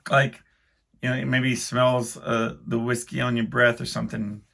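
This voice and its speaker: He hosts his own podcast and tells a rambling, self-deprecating story in casual speech full of restarts. His medium-pitched voice is fairly bright with vocal fry, delivered flatly at a moderate pace.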